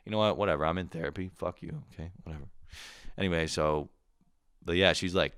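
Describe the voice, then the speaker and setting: A man's voice: sits low, quick pace, a bit bright, no room sound, studio quality. A man in his thirties, a drunk podcast host, ranting in a profane, sarcastic casual way. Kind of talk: casual comedic rant.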